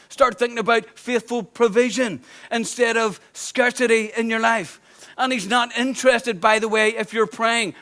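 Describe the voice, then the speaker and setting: A pastor preaching with a notably high voice for a man. He is emphatic and conversational, driving points home by repeating phrases. Dry humorous asides are mixed into the sermon. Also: steady tone, moderate pace, bright, forceful tone.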